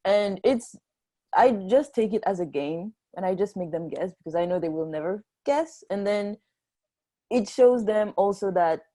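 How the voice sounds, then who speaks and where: A woman's voice: medium pitch, expressive, moderate pace, mellow. A woman who figure skates, chatting casually over a video call and playfully acting out the conversations she describes. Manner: playful, acts out dialogue as she tells it.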